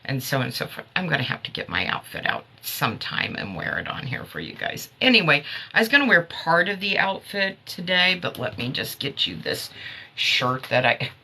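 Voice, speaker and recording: A woman's voice: low voice, big pitch swings, moderate pace, bright, forceful tone, breathy edge. A woman hosting a casual live stream, chatting with viewers about her herbal products, laughing often.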